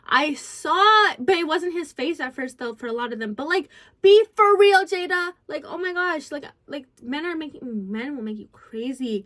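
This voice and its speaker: A young woman telling her followers a story in a casual, rambling vent, packed with "like" and swinging between low mutters and loud exasperated bursts. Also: expressive, moderate pace. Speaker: vlogger. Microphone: phone close by.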